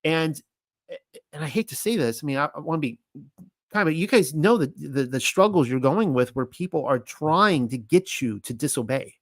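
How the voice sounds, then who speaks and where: A man with a slightly high voice gives an informal scripture teaching, reading passages aloud and breaking in with his own comments. He talks with excitable passion. The sound is dry and close, with no room echo. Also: normal speed. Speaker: Bible teacher.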